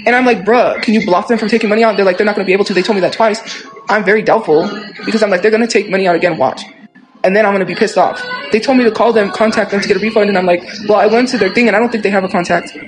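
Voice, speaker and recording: A young man with a high voice talks quickly and casually into his phone on a livestream. He rambles and gets defensive as he answers viewer comments, with faint music behind him. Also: poor audio.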